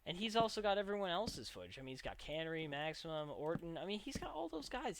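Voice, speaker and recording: A man's voice: fairly high pitch, sing-song, quick pace, vocal fry, few pauses. Young man, let's play host, rambling self-mocking commentary, audible background hiss, clicks. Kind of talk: casual gameplay commentary. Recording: noisy home recording with clicks.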